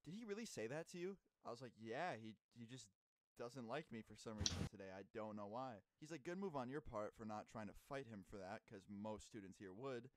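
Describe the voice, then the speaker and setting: A young man in casual vlog storytelling, animated and profane, with sudden loud outbursts while telling a school story. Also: on the low side, very noisy. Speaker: YouTuber. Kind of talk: casual storytime over gameplay.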